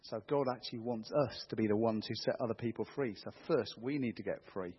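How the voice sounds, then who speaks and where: A man's voice: on the low side, a little fast, husky. A middle-aged man preaching a sermon in a church, earnest and rousing as he quotes scripture. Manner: earnest, rousing, quoting scripture with rising force. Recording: dull muffled church recording.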